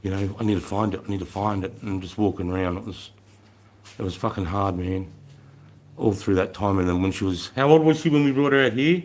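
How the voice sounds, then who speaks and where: A man's voice: lowish voice, a little fast, a little mellow, slight background noise. An Australian man in his forties, chatting casually and bluntly with viewers on a livestream, swearing freely and calling people mate and bro. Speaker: livestream host.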